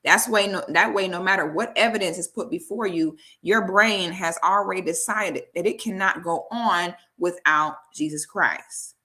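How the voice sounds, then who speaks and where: A woman's voice: fairly low pitch, moderate pace, few pauses, pushed and bright. A woman vlogger who talks emphatically and preachily, checking in with "okay?" as she makes her points. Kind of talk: commentary vlog.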